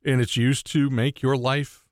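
A man's voice: medium pitch, little pitch movement, unhurried, dry recording. Brief: man hosting a faith talk show, playful joker, dry close sound. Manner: joking, playful banter. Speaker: radio show host. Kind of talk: casual chat with dad jokes.

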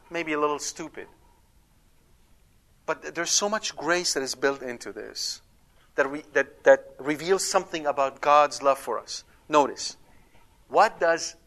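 A man teaching a Bible study, talking conversationally, asking his listeners questions and slowing down to stress key words. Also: on the high side, fairly bright tone. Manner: emphatic, slows to stress words.

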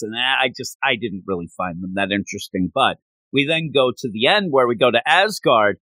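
A man's voice: mid-range voice, animated, brisk, pushed and bright, dry recording. A man hosting a casual comic book review podcast, talking animatedly and acting out characters. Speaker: podcast host.

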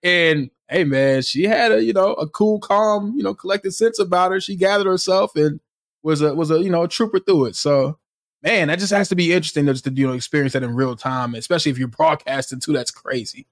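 An easygoing man co-hosting a podcast in casual conversation, peppering his talk with "you know" and "man". His voice is a touch high, and the recording is dry and close with no room echo. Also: brisk. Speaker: podcast co-host. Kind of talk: casual chat.

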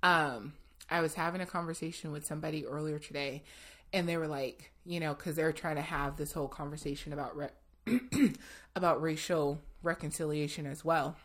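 A woman's voice: sits low, steady tone, moderate pace. A woman guest in an interview, talking casually and animatedly, laughing as she tells a story and quoting people in a raised voice. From Seattle area, USA.

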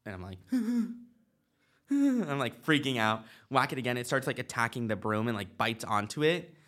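A man's voice: mid-range voice, fairly quick. A man co-hosting a podcast, telling a story in casual chat with lots of fillers. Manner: animated storytelling with many fillers. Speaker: podcast co-host.

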